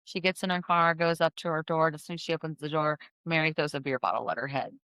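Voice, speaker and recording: A woman's voice: sits low, fairly even intonation, fast talker, fairly bright tone, no echo. A woman podcast host casually telling a true-crime story, chatty and full of fillers and restarts. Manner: chatty, filler-heavy, self-correcting storyteller. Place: in-person podcast studio.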